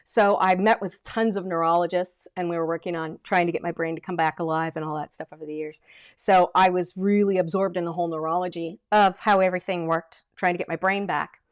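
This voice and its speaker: A middle-aged woman giving a livestream vocal lesson, lively and chatty, breaking into short sung demonstrations. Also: lowish voice, brisk. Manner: lively, demonstrates by singing snippets. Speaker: vocal coach.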